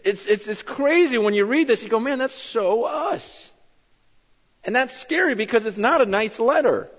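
A man preaching a lively sermon with a fairly high voice. He slips into the voices of the people in his stories as he goes. The sound is muffled and rings with the long echo of a large hall. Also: fairly quick, husky. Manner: animated, acts out bible figures in his telling. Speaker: pastor.

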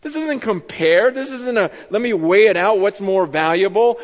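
A man preaching a lively sermon with a fairly high voice. He slips into the voices of the people in his stories as he goes. The sound is muffled and rings with the long echo of a large hall. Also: a little fast, hardly any pauses. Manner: animated, acts out bible figures in his telling. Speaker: pastor.

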